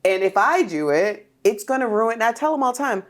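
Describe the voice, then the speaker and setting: A woman hosting a podcast interview, talking in an animated, emphatic way and laughing often. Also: a little high, fairly quick. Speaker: podcast host. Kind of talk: casual conversational interview.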